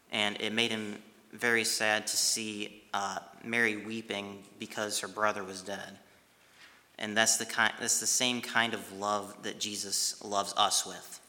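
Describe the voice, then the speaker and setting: A man retelling a Bible passage and reflecting on it in a devotional talk, speaking haltingly with pauses and restarts. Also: on the low side, sharp tone. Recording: long hall reverb.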